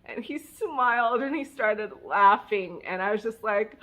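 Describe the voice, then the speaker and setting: A woman speaks in a casual vlog with a bright, slightly tense voice. She tells her story candidly and emotionally, filling it with "like" and little self-mocking laughs. Now and then she acts out what she once said. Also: medium pitch, measured pace. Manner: animated, acting out her own past words. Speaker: vlogger sharing her story.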